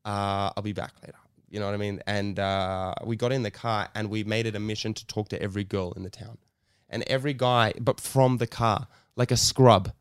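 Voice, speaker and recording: A man's voice: fairly low pitch, steady tone, fairly quick, clean tone, no echo, studio quality. A man co-hosting a podcast, telling a story in a rambling, casual way full of likes and restarts. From Australia. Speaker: podcast co-host.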